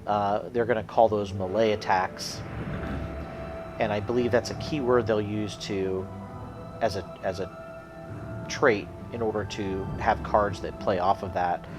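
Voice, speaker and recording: A man's voice: on the low side, steady tone, measured pace, music in the background. A man streaming a video card game, thinking aloud and explaining the rules as he plays. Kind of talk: casual streaming commentary.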